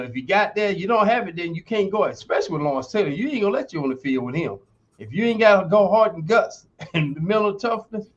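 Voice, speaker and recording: A man's voice: fairly high pitch, highs cut off. A man in his sixties, a retired athlete telling stories in an interview, emphatic and folksy like a motivational coach. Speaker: guest, retired football player and university lecturer. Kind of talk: podcast interview storytelling.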